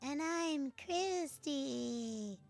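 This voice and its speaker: A woman's voice: high voice, animated, creaky, soft background music, voice pushed up, full character voice. Woman doing creepy twin kids in unison. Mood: eerie. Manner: slow, drawn-out, eerie singsong.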